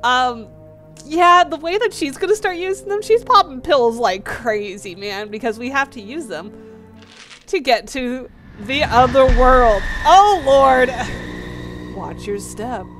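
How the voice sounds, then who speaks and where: A woman hosts a horror game let's play in a chatty, exclaiming way. Her voice is a touch high and she talks slowly. Loud game music plays behind her.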